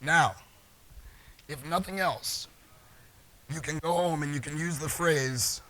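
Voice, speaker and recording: Fairly high in pitch and a bit bright, a middle-aged man's voice moves at a measured pace. He's giving a live talk in a large conference hall, playfully joking with the crowd.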